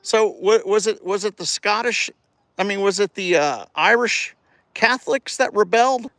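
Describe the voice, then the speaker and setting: Livestreaming from his phone on a residential street, a man with a somewhat high, slightly bright voice chats casually. He cheers and coaches a child, then drifts into long, halting rambles that keep restarting. The audio is close and dry, without any echo.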